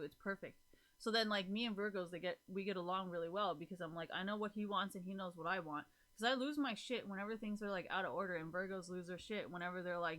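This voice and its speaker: A woman's voice: mid-range voice, fairly bright tone. A woman chatting casually and rambling, swearing freely and laughing often. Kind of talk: casual chat.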